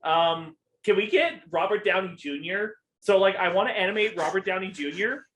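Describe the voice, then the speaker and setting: A man's voice: high voice, moderate pace, a bit bright, low-quality recording. A young man co-hosting a podcast, rambling in casual chat with lots of ums and swearing. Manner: rambling, profane, with many ums. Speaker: podcast co-host.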